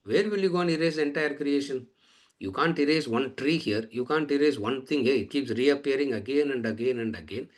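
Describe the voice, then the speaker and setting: A man's voice: medium pitch, a little fast. A man teaching a lecture on scripture, repeating phrases and asking rhetorical questions. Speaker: Vedanta teacher.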